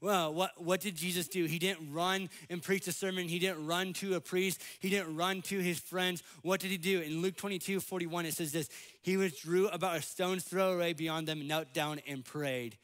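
An American man preaching a sermon in church, animated, acting out the voices he quotes. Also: sits high, normal speed. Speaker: pastor. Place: church sanctuary.

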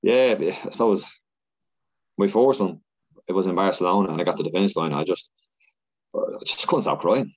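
A podcast guest telling stories in a rush of excited, rambling speech, full of fillers and repeats. His voice is low and husky, and the lo-fi recording sounds dull. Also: normal speed, pauses often. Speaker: podcast guest, Ironman athlete. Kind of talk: casual storytelling chat.

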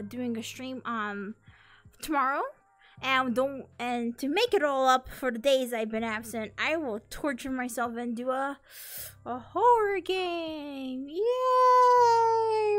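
Woman streamer, high voice, bubbly and jumpy, playful catchphrases, soft music underneath. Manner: bubbly and excitable, easily startled into loud yelps and laughter. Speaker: live streamer. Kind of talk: casual live-stream chat.

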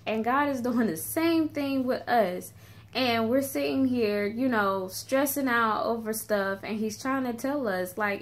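A woman's voice: on the high side, normal speed. Chatty woman vlogging in a car. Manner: chatty, laughs often, acts out anxious voices. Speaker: vlogger and teacher. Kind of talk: casual faith-based vlog talk.

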